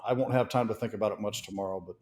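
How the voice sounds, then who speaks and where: A man co-hosting a podcast, chatting in a relaxed, rambling way. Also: on the low side, rapid-fire. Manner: relaxed, rambling, thinks aloud. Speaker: podcast co-host. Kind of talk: casual podcast chat.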